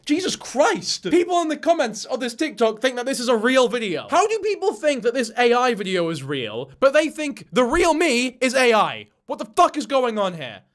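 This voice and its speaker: A man making a casual commentary video, talking bluntly and swearing often, sounding exasperated. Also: very high voice. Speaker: commentary creator.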